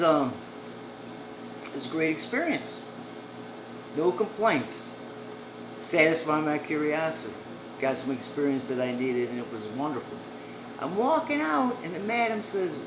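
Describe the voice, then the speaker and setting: A woman telling a comic story in a brisk, animated way. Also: low voice. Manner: brisk, animated, acts out voices. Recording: echoey room, air-conditioning hum.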